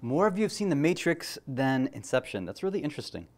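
A man's voice: on the high side, big pitch swings, fast, a little hiss or hum. A young man giving a casual religious lecture, chatty and joking, often putting questions to his audience.

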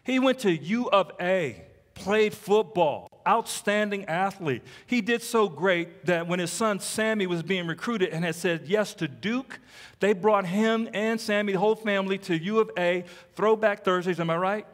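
A man preaching as a pastor, telling stories in an animated way and teasing the congregation with playful asides. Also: high-pitched, moderate pace. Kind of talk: sermon. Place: church sanctuary. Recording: long hall reverb.

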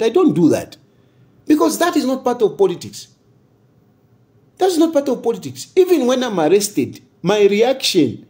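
With a very high-pitched voice and a Zambian accent, a man gives fiery political commentary, his delivery rising and falling dramatically as he repeats his main lines. He fires off rhetorical questions in a darker, mellow tone and moves between English and local phrases without stopping.

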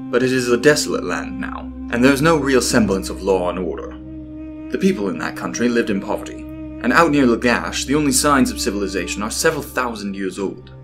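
Brief: man doing a thoughtful professor, low voice, lively pitch. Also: lightly acted. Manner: reflective, storytelling. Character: middle-aged male archaeology professor.

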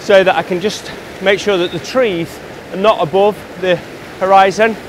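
A man's voice: high voice, steady tone, moderate pace, noisy background. Enthusiastic English man vlogging outdoors. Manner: enthusiastic, talks while hiking and shooting. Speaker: landscape photography vlogger. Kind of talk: casual outdoor vlog narration. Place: outdoors on a mountain by a river.

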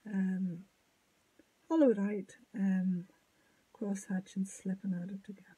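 A woman giving a step-by-step sculpting tutorial, thinking aloud as she works, halting and often dropping to a murmur. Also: medium pitch, flat delivery, dark tone, breathy edge, poor audio. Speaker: sculpting teacher.

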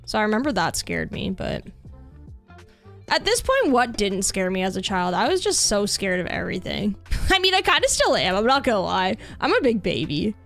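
A woman's voice: medium pitch, wildly swooping pitch, moderate pace, gravelly, a bit bright. A young woman with a Canadian accent, chatting casually to her viewers while she plays, rambling with lots of fillers. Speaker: streamer. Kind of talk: casual live-stream chat while gaming. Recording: faint music behind the voice.

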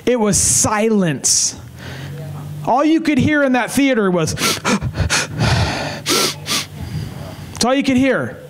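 A man preaching a revival sermon as an evangelist. He speaks fervently, repeats phrases for emphasis and slows down to drive his points home. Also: very high-pitched, animated, rough recording. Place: evening service in a tent.

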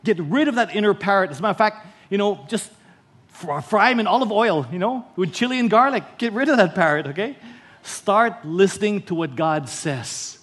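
High-voiced Filipino pastor preaching. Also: male voice, expressive, fast, a bit bright, slightly rough. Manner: preaching with told stories and repeated lines. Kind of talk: sermon.

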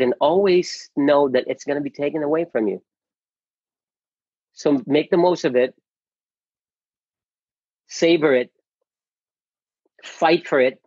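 Guest actor, middle-aged man from the Philippines, husky and earnest, muffled call audio. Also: mid-range voice, darkish tone, no echo. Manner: earnest and emotional, with many restarts and repeated words. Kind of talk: casual interview storytelling.

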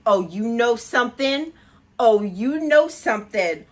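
A woman hosting a music reaction video, talking in a casual, chatty way full of "like" and quick laughs. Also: a little high. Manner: chatty, animated, frequent "like" and laughs. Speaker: music reaction channel host.

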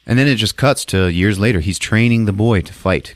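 A man hosting a podcast, retelling a movie in a jokey, laughing, animated way. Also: lowish voice, fairly quick, dry recording. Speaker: podcast host. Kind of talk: casual movie recap.

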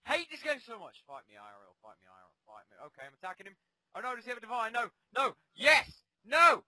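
A young man talks over his gameplay, swinging from quiet muttering to sudden ranting shouts. His voice is very bright and lively in pitch, and the sound is dry and close. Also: very fast, no echo, low-quality recording. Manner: rants and shouts in sudden bursts, mutters asides. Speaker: gaming commentator. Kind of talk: casual game commentary.

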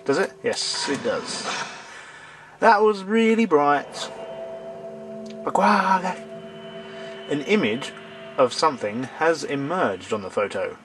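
A man's voice: on the high side, very animated, slow pace, pauses often, music in the background. A man commentating a horror game, sarcastic and shrieking when startled. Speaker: let's play gamer.

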